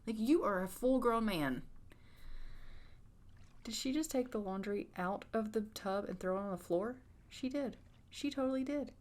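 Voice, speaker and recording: A woman's voice: on the high side, lively intonation, normal speed, a little mellow. A woman recording a casual voiceover for a life-sim game playthrough, chatty and teasingly exasperated. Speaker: gameplay narrator. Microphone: voiceover recorded after gameplay.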